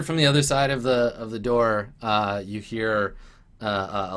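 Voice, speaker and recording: A man's voice: on the low side, steady tone, slow, a bit bright, smooth. A man narrating as game master, rambling with many "um"s and "like"s.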